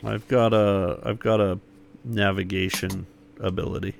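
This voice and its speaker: A man with a low, gravelly voice chatting as a player at a tabletop game. He halts and restarts often, and some faint noise sits behind him. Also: little pitch movement. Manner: hesitant, halting, restarts. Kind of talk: casual chat at a tabletop game.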